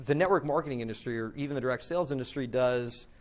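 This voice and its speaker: A man speaks at a very fast clip as a guest on a talk show. He tells his story in a loose, rambling way, with "like" and "right?" scattered through his sentences. His pitch sits in an ordinary middle range. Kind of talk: casual anecdotal storytelling.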